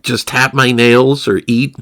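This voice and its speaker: Male livestreamer, profane, rambling, unhurried delivery, mid-range voice. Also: medium pitch, level tone, fairly bright tone. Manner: profane, rambling, laughs at himself. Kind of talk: crude casual stream chatter.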